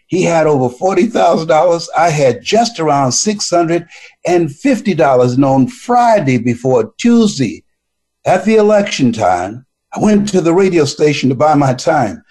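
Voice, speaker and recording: A man giving a motivational speech, telling stories with a preacher-like cadence and repeating words when excited. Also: fairly high pitch, moderate pace. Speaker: motivational speaker.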